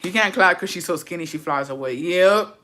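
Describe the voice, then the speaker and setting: A woman's voice: fairly low pitch, fairly quick, noisy background. A young woman hosting a casual livestream, gossiping and swearing freely while reading chat, dropping in Spanish words. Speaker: livestream host.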